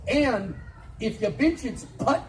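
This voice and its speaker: A man's voice: very high voice, very animated, slow pace, a little hiss or hum, poor audio. A man telling a comic story full of spoonerisms and wisecracks to a crowd on an outdoor fair stage, recorded on a phone in the audience. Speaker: festival storyteller.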